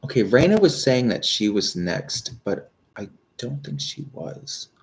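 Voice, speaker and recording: A man's voice: mid-range voice, big pitch swings, a little slow, creaky. A man in his thirties giving live-stream tarot readings, rambling and hesitant with many fillers. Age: 30s. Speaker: tarot reader.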